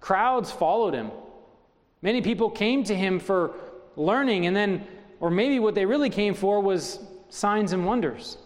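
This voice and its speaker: A man's voice: sits high, lively intonation, a little slow, big-room sound. A middle-aged man preaching a sermon as pastor, driving home his points with strings of rhetorical questions.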